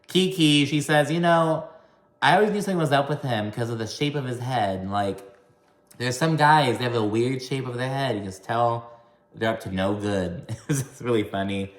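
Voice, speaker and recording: A man giving a casual, gossipy recap of a reality show. He swears a lot and mimics cast members' lines in high, exaggerated voices. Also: moderate pace, reverberant.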